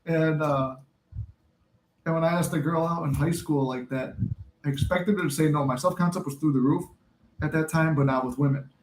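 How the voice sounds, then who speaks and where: A man's voice: fairly high pitch, fairly even intonation, normal speed, reverberant, noisy background. A man hosting a casual live chat who jokes, laughs often and acts out movie scenes. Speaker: podcast host.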